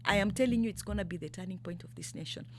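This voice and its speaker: Racing along in a low-leaning voice with a little hiss or hum behind her, a female political candidate from Mombasa, on Kenya's coast, gives an impassioned interview. She speaks emphatically, rattles off rhetorical questions, and mixes English with Swahili. She builds to a louder, more fired-up pitch.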